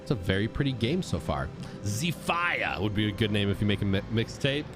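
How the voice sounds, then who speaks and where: A young man chatting casually as he streams a game, thanking subscribers and reacting out loud. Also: on the low side, fairly quick. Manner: animated, chatty, shouts out subscribers. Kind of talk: casual gameplay commentary. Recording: game music playing behind.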